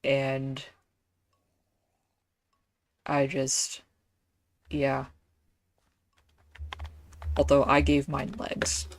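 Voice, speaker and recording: A woman's voice: a bass voice, monotone, extremely slow, pauses often, a little hiss or hum. A woman streaming a game, chatting casually and rambling with lots of fillers and self-deprecating asides.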